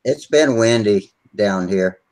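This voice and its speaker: A man's voice: on the low side, takes it slowly, a little mellow, rough recording. Salty, rambling man on a video call. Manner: salty, rambling storyteller who laughs easily. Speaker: regular on a hobby video hangout. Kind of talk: casual chat, swapping stories.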